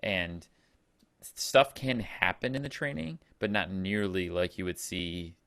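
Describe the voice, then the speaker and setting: Very low-voiced man chatting on a podcast. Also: a little slow, vocal fry, a bit bright, smooth, no room sound. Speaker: podcast co-host. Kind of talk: casual chat.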